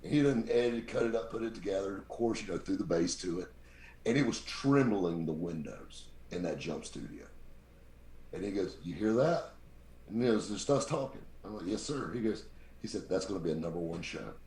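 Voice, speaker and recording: A man with a very deep voice, telling lively stories as a podcast guest and acting out the people he quotes. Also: normal speed. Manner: animated anecdote-teller, acts out quoted people. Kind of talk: casual storytelling. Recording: roomy echo.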